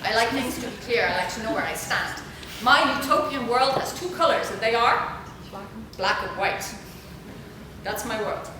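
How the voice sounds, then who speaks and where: A woman's voice: a little high, normal speed. Woman lecturing in an echoey hall. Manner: lively, self-mocking, acts out quoted voices. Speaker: university lecturer. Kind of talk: humorous storytelling lecture. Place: university auditorium. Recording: echoey auditorium with audible room noise.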